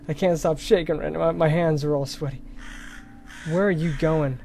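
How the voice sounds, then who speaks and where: A man's voice: fairly high pitch, level tone, a little fast, a little mellow, a little hiss or hum. A man commentating a horror game, jittery and swearing, often dropping to scared whispers. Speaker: let's play gamer.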